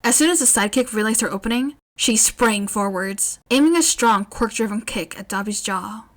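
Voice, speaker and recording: Female podfic reader, expressive narration, lively and chatty. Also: a little high, moderate pace. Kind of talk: fan fiction podfic narration.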